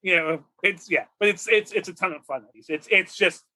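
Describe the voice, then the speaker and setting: A man in his forties from California, co-hosting a movie podcast, rambling excitedly and laughing often. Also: sits high, moderate pace. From Redlands, California. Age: 40s. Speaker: podcast co-host. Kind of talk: casual movie podcast chat.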